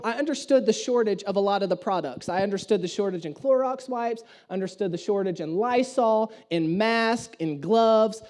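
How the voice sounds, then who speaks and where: A man's voice: extremely high pitch, a little mellow. A man, a pastor preaching a sermon and telling a story with humor and animation. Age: 30s.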